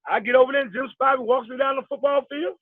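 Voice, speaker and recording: High-voiced middle-aged man on a tinny line. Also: fairly even intonation, quick pace, no room sound. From New York. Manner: rambling storyteller, acts out quoted talk, many fillers. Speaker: basketball head coach, guest. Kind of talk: casual storytelling interview. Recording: tinny dry phone-like line.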